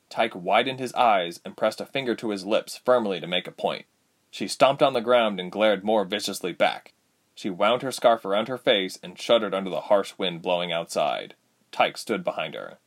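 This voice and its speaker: A man reading a story aloud, expressive and lively. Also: lowish voice, normal speed. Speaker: narrator. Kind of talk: storybook narration.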